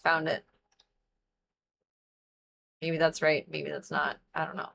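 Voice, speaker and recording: A woman's voice: sits low, flat delivery, slow pace, vocal fry, bright, forceful tone, a little hiss or hum. A young woman livestreaming a video game, rambling casually and adding playful silly noises between her asides. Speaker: streamer. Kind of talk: casual gaming livestream chat.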